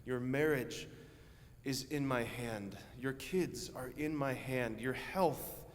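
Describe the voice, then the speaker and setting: A priest voicing a calm, loving teacher who gently questions and reassures his followers, in a church with long reverb. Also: mid-range voice, slow, a little hiss or hum, lightly acted. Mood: reassuring.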